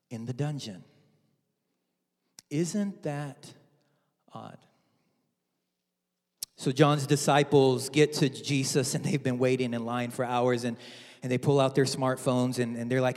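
Pastor guy preaching, kinda high voice, playful storytelling, big echoey hall. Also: fairly even intonation, unhurried, long pauses. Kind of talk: sermon. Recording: hall with long reverb.

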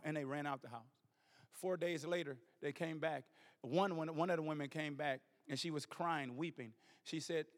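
A man's voice: on the high side, moderate pace. A middle-aged man, a bishop preaching a sermon, who weaves scripture with a personal story and drives his points home through rhythmic repetition.

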